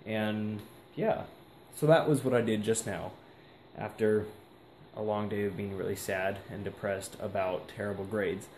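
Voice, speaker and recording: A man's voice: lowish voice, steady tone, a little slow, darkish tone. A young man vlogging casually, rambling and reflective with lots of fillers. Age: young adult. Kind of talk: casual vlog monologue. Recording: echoey room with faint background hiss.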